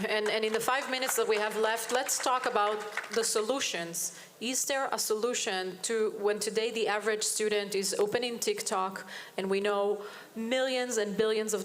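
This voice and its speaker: A woman moderating a conference panel, introducing questions with enthusiasm. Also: medium pitch.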